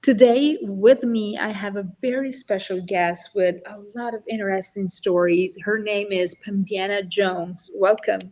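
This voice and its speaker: A woman's voice: medium pitch, fairly even intonation, a little mellow. A woman hosting a podcast interview over a video call, asking questions with many fillers. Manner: unhurried with fillers. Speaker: podcast host.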